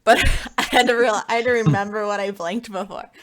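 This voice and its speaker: A woman's voice: mid-range voice, fairly quick. A woman hosting a casual podcast, chatty and giggly with lots of ums. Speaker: podcast host. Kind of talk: casual chat.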